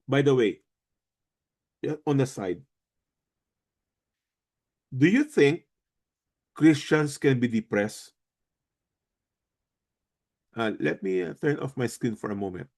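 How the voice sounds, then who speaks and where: A man with a Filipino accent leading a Bible study over a video call, speaking slowly and emphatically, repeating key points and putting questions to the group. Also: mid-range voice, lively intonation, vocal fry, a little mellow. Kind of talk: online Bible study teaching.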